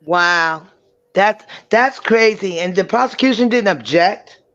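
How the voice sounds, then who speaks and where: A man chiming in on a casual recap with quick reactions and commentary. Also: sits high, fairly bright tone, dull audio. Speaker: co-host reacting. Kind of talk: casual chat.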